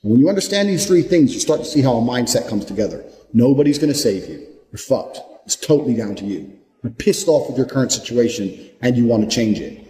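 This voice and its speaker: A man's voice: medium pitch, lively intonation, fast talker, dark tone. A young adult man giving a blunt, profane motivational monologue, speaking with hard conviction. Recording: echoey room with long reverb.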